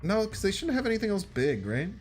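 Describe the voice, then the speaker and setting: A man with a Chicago accent streaming a card game, chatting casually with his viewers and thinking his moves out loud. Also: sits high, very animated, quick pace, slightly rough, faint music behind. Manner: chatty, thinks aloud and talks to chat. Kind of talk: casual gaming stream commentary.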